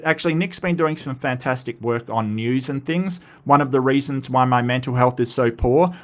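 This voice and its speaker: An Australian man hosting a casual livestream, chatty and rambling, with frequent asides and restarts. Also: medium pitch. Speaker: livestream host.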